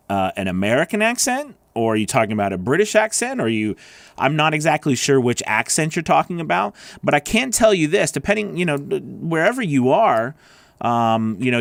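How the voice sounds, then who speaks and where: A man's voice: medium pitch, no room sound. A man hosting a live voice-over Q&A, earnest and encouraging, rambling with fillers as he answers viewers. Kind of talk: motivational live stream chat.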